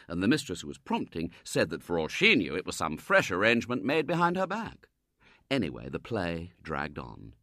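A man narrating a storybook with a dramatic, expressive reading, recorded close to the mic. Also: lowish voice, no room sound.

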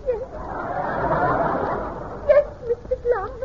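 A timid, devoted sweetheart with a plaintive, earnest tone, her voice pitched extremely high. It comes through a dull, lo-fi vintage radio recording with a faint hiss. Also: extremely slow, full character voice. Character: timid, devoted, tearful young woman. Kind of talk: vintage radio sitcom acting.

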